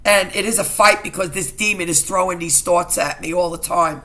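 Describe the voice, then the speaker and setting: A woman's voice: fairly low pitch, normal speed, fairly bright tone. Indignant middle-aged woman ranting to camera. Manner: agitated, indignant, repeats herself. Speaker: vlogger. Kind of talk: emotional personal rant to camera.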